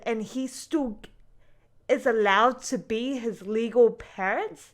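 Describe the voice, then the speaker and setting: A woman's voice: on the high side, takes it slowly. A young woman reacting live to an anime, emotional and casual, swearing often and saying "like" a lot. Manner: emotional, swearing, frequent "like" fillers.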